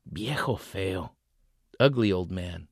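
A man's voice: low-pitched, lively intonation, takes it slowly, no room sound, full character voice. A man reading aloud, voicing a weary, sardonic taco cook who speaks curtly. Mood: muttering. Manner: curt, dry.

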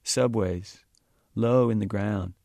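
A man's voice: on the low side, slow, vocal fry, no room sound. A man voicing a paranoid sixteen-year-old boy who speaks in tense, insistent bursts. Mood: agitated. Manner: tense, insistent, loud outbursts.

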